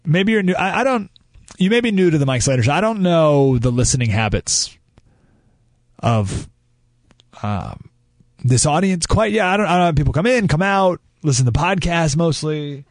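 Male talk-radio host, fairly high voice, opinionated and emphatic, lots of restarts, studio mic. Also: expressive, normal speed, dry recording. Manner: ranting, emphatic, with restarts and asides. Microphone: studio microphone.

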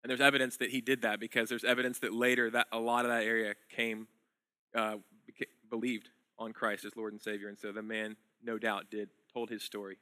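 A man delivers a sermon as pastor in a low-ish, smooth voice with little pitch movement, speaking fairly quickly. He tells a story conversationally, alternating loud emphasis with hushed lines, and there's no echo.

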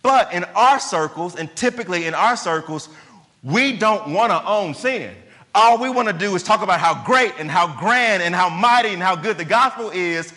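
Emphatic preacher in a reverberant hall. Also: male voice, sits high, lively intonation, moderate pace, pushed and bright. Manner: emphatic, conversational preaching with rhetorical questions. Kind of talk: sermon.

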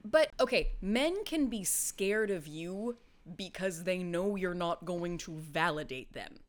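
A woman's voice: fairly low pitch, lively intonation, a little slow. A woman co-hosting a podcast in casual chat, giggly and self-deprecating. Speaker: podcast co-host.

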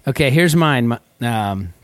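A man's voice: mid-range voice, expressive, a little slow, no echo. A man hosting a casual group talk, playful and laughing often. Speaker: podcast host.

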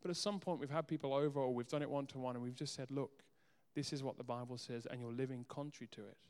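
Man, pastor, sermon, earnest, soft asides, emphatic rises, mid pitch, long hall echo. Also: steady tone, quick pace.

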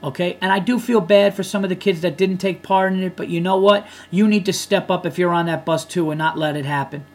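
A man's voice: high voice, steady tone, a little fast, few pauses. A man hosting his podcast as a comedian, ranting casually with heated, profane emphasis.

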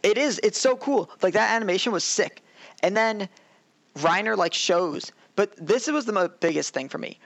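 Young male co-host, animated rant, slightly high voice, dry close sound. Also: moderate pace, vocal fry, dry recording. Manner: animated, ranting, acts out characters' lines. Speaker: podcast co-host. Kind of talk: casual anime review chat.

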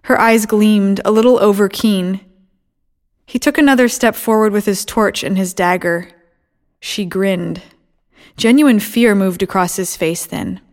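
A woman reading a story aloud in measured audiobook narration. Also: medium pitch, fairly even intonation, a little mellow.

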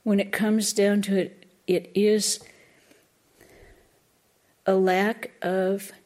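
A woman's voice: mid-range voice, little pitch movement, extremely slow, darkish tone. A woman giving a reflective spiritual talk as a lecturer, thoughtful and searching for words as she goes.

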